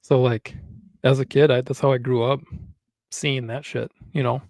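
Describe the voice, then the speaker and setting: A podcast co-host from Wisconsin. His voice has a rough, gravelly edge, and the recording is close and dead. He tells stories by playing out each side of the exchange. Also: mid-range voice, moderate pace, no room sound. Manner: animated storyteller who acts out both sides of a conversation. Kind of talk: casual chat.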